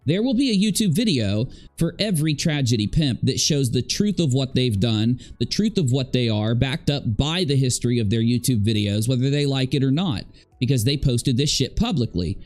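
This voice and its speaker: A man's voice: medium pitch, lively intonation, moderate pace, darkish tone. Man ranting emphatically over faint music. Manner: emphatic, rambling, repeats phrases; talking while eating and drinking. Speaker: commentary channel host. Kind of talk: ranting commentary.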